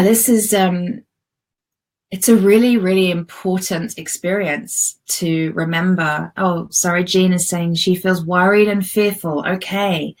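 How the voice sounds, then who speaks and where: Middle-aged lady coach on a video call, soft and a bit low, teary, gentle pauses. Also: vocal fry, poor audio. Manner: soft, gentle and emotional, often pausing. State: tearful. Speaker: self-love coach hosting a live group call. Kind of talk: guided visualization on a live video call.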